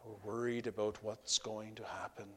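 A pastor preaching a sermon to his congregation, impassioned, swinging between loud peaks and hushed drops. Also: on the low side, little pitch movement, normal speed, a little hiss or hum.

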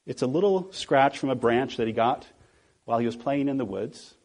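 A male pastor preaching a sermon, asking the congregation rhetorical questions and slowing down to stress key words. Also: medium pitch, lively intonation, darkish tone.

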